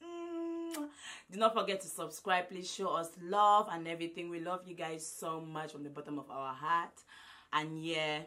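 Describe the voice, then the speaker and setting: A woman in her twenties vlogging loudly and effusively to a phone camera, repeating herself often. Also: deep voice, steady tone, normal speed. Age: 20s. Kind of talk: casual vlog to camera.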